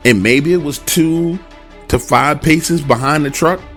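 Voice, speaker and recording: A man's voice: on the high side, measured pace, fairly bright tone, faint music behind. A man narrating a first-person horror encounter, speaking dramatically and addressing the listener directly. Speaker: storyteller.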